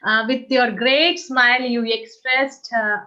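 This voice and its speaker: A woman's voice: sits high, measured pace, sharp tone, highs cut off. A woman moderating an online session, polite and hesitant with fillers. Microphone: video call.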